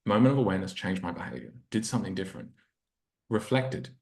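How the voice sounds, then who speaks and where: A man's voice: sits low, expressive, fast talker, gravelly, a little mellow. A man who is a relationship coach, telling a personal story in an earnest, reflective way and acting out his inner dialogue. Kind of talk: storytelling in a podcast interview. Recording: roomy echo.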